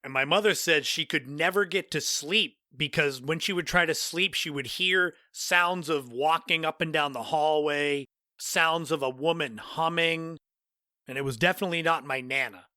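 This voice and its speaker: Bright-voiced man telling a personal story. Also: a little high, normal speed, dry recording, clean studio sound. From Cape Cod, Massachusetts, USA. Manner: conversational, with offhand asides. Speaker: podcast host.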